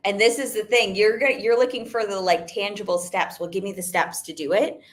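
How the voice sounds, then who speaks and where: A woman's voice: medium pitch, fairly even intonation, brisk. A young adult woman giving an emphatic motivational talk, repeating her points and using "like" often. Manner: emphatic, repetitive, frequent "like". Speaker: network marketing business owner.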